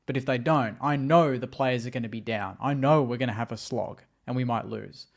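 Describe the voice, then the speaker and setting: A man's voice: mid-range voice, a little fast, vocal fry. A man speaking as a podcast guest in casual chat, earnest and peppering his talk with "like.". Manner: chatty, lots of "like" fillers, earnest.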